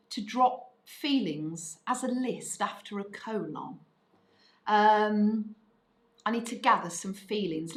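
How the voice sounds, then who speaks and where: A woman's voice: medium pitch, roomy sound. A middle-aged woman teaching a writing lesson, thinking aloud as she writes and acting out quoted phrases. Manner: lively, voices quoted parents' phrases.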